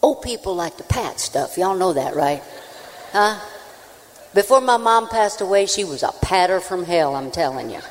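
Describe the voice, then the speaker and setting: A woman, a country singer, telling a folksy, animated comic story on a live stage before an audience. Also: fairly low pitch, normal speed. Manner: folksy, animated, with acted-out voices. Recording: reverberant live hall.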